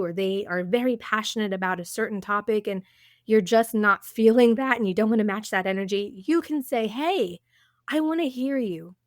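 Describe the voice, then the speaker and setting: A woman's voice: on the high side, no echo, clean studio sound. A woman hosting a podcast, coaching listeners in an encouraging way and often checking in with them. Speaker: podcast host.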